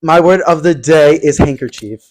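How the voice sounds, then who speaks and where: A man's voice: on the high side, a little mellow, no echo, rough recording. Young guy cohost joking around, lots of "like", dry mic sound. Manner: playful teasing, quick jokes, lots of "like". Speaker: podcast co-host. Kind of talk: casual chat.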